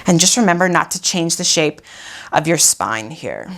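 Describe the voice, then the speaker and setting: A woman's voice: low-pitched, animated, moderate pace, a bit bright. Breathless woman leading a pilates class. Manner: breathy, sighing while exercising along. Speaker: pilates instructor. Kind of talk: guided workout instruction.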